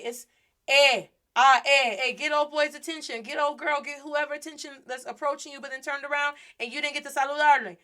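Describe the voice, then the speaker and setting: A lively woman with a fairly high voice hosts a language podcast. She runs a playful lesson and slips Spanish words into her English explanations. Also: a little fast. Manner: animated, mixes Spanish phrases into English. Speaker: podcast host and Spanish teacher.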